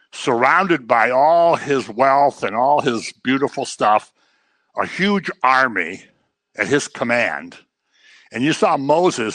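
Animated man teaching a Bible class. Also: medium pitch, dry recording. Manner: animated, acts out quotes in voices, jokes with the class.

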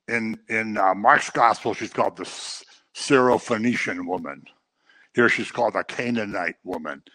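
A man preaching a sermon, swinging between loud emphasis and quiet asides. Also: lowish voice, moderate pace.

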